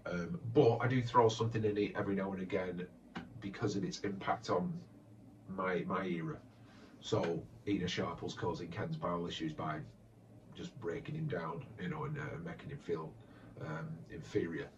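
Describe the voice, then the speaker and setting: Deep-voiced man, distant muffled mic. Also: steady tone, normal speed, slight background noise. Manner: hesitant, many fillers and restarts, chatty. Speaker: comedy voiceover creator answering fan questions. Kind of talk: casual Q&A chat.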